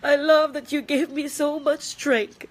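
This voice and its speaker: High-voiced tearful Trinidadian woman, slow. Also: steady tone. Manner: tearful, emphatic and repetitive. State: crying at times. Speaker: person speaking out in a personal video. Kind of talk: emotional personal video statement.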